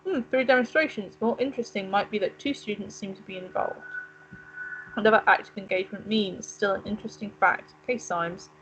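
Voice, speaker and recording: A woman's voice: mid-range voice, a little fast, a bit bright, lo-fi sound, slight background noise. A woman co-hosting a let's play, chatting and musing aloud as she reads game text. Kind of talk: casual gaming commentary.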